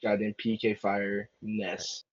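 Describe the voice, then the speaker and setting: Dude joking around on a stream, swears, does quick impressions, dull lo-fi sound. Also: male voice, on the low side, flat delivery, no room sound. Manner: joking, swearing, mimics others. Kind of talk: casual chat.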